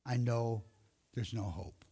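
A solemn male doctor with bad news, speaking low and quiet as a storyteller puts him on. The voice sits at a plain middle pitch for a man and stays hushed and grave throughout. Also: takes it slowly, breathy edge.

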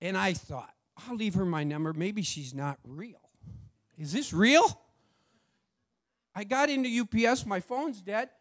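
Animated man telling a testimony. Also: sits high, measured pace, pauses often. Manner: animated storyteller acting out dialogue. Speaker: church speaker sharing a testimony. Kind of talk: sermon testimony storytelling.

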